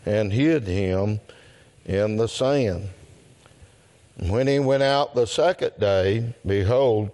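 A man, leading an evening service and slowly reading scripture aloud with long pauses. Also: mid-range voice, darkish tone. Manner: slow, deliberate reading with long pauses, throat clearing. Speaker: preacher.

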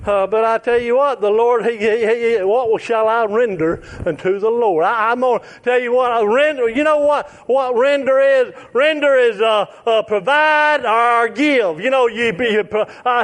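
High-voiced fervent preacher man. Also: moderate pace, hardly any pauses. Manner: fervent, rising to shouts then dropping soft. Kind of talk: sermon.

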